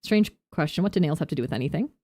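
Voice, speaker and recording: A woman reading the lines of an inquisitive male doctor in a game, in a measured questioning manner. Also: sits low, animated, dark tone, dry recording. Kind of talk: game dialogue read-aloud.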